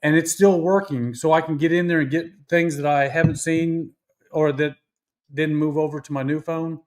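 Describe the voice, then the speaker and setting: A man in his sixties co-hosting a live stream in casual chat, easygoing and halting, often restarting his sentences. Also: fairly high pitch, fairly even intonation. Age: 60s. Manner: easygoing, halting with repeated starts.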